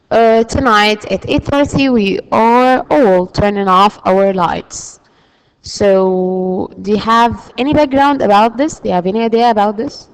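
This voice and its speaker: A woman's voice: fairly high pitch, smooth, rough recording. A woman teaching an English lesson, explaining patiently with frequent fillers. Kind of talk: classroom lesson.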